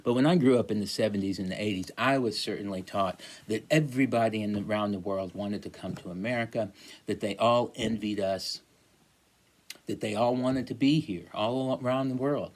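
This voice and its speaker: A man's voice: fairly low pitch, normal speed, rough recording. A man in his forties giving a casual recorded lecture on poetry, thinking aloud with many fillers and checking in with "right?". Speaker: teacher.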